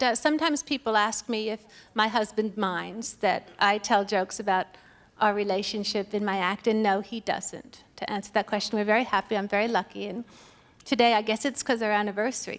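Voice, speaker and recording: A woman's voice: medium pitch, steady tone, fairly quick, a bit bright. A woman doing a stand-up comedy set on stage with a dry, matter-of-fact delivery. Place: stage before a live audience. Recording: live audience and room noise.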